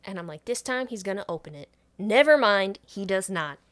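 In a mid-range voice at a fairly quick clip, a woman recaps a film's plot as a podcast co-host. The chat is casual and profane, enlivened by the character voices she quotes.

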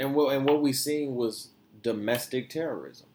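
A man's voice: mid-range voice, moderate pace, darkish tone, slight background noise. A man hosting a podcast, ranting in casual opinion chat with profane, emphatic energy. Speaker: podcast host.

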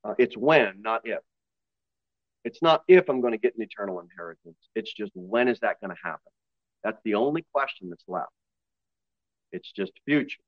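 A man with a Northern US accent, a pastor giving a sermon in a conversational style with quick asides and voiced impressions. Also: lowish voice, animated, no room sound, muffled recording. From northern United States.

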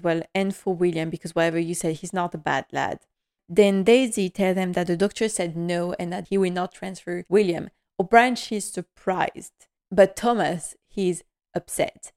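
A woman hosting a podcast, giving a casual episode recap in a quick, emotional, heartfelt way. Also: fairly low pitch, a little mellow. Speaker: podcast host.

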